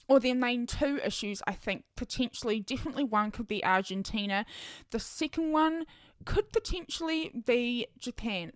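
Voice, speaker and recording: A young woman hosts her own podcast, chatting excitedly and thinking aloud with lots of ums. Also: a little high, no echo, studio quality. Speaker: podcast host. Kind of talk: casual solo podcast chat.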